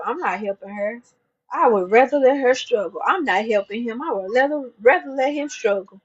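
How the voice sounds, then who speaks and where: A woman's voice: sits high, normal speed, lo-fi sound. A woman ranting casually to the camera, repeating herself for emphasis and speaking straight to the viewer.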